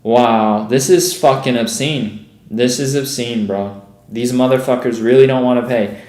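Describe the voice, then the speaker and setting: A man's voice: medium pitch, fairly even intonation, measured pace, a little mellow, echoey room. A young man giving profane, exasperated live commentary on his trades as a streaming day trader, peppering every sentence with "bro" and "dude.".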